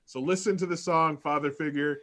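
A man on a podcast with a slightly higher voice, recounting his morning with animated enthusiasm. He chats casually and gets eager as he recommends something to his listeners. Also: a little fast. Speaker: podcast co-host. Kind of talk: casual chat.

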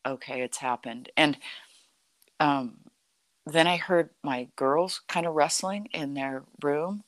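A middle-aged woman telling a personal story in a conversation, animated and full of "like" and "you know". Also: sits low, slow pace, no room sound. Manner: animated, acts out quoted dialogue, frequent "like" and "you know".

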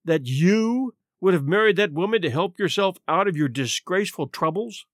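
A man's voice: sits high, sing-song, moderate pace, a bit bright, no echo, studio quality. A man doing a haughty, prim park derelict. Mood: disdainful. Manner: prim, lofty, scornful.

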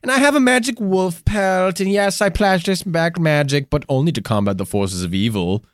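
A man's voice: on the high side, lively intonation, normal speed, dry recording, clean studio sound, voice pushed up, natural voice. A man voicing a boastful werewolf man testifying in court, grandiose and a bit raised.

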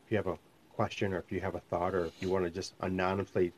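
A man's voice: low voice, little pitch movement, very fast. A man who is a minister and podcast host, teaching in a conversational, rambling way and often correcting himself. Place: home studio called the lab. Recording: slightly muffled lo-fi sound.

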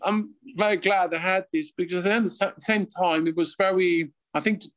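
A man's voice: sits high, fairly even intonation, moderate pace, low-quality recording. A Swiss-accented man in his fifties, a former footballer telling stories as an interview guest, chuckling and restarting his sentences. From Switzerland. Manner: chuckles often, rambling restarts. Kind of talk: casual storytelling.

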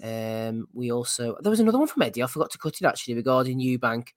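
A man's voice: mid-range voice, very animated, fast talker, dry recording. Host guy reading off the week's list, chill, dry mic. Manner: easygoing, runs through the segment list. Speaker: podcast host. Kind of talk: casual boxing chat.

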